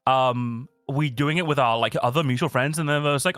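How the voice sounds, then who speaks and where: A man's voice: medium pitch, fast talker, fairly bright tone, dry recording. A young man chatting casually and rambling, swearing and laughing often as he talks. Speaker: streamer. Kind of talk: casual chat.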